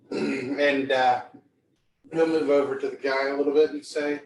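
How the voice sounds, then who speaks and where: A man's voice: medium pitch, level tone, measured pace, long pauses. A man playing a tabletop game, casually describing his character with fillers. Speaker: player. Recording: echoey, distant mic with faint noise.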